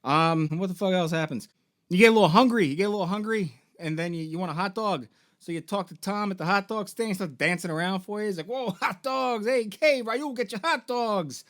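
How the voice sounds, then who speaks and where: High-voiced man rambling jokingly. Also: fast talker, fairly bright tone. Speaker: video game store founder and host. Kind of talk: comedic rambling retelling.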